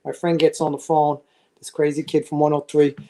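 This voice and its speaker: A man's voice: a little high, flat delivery, fairly quick, warm tone. A man in his sixties, a retired fire lieutenant, telling casual stories as a podcast guest and acting out the voices of people he quotes. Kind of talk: casual storytelling.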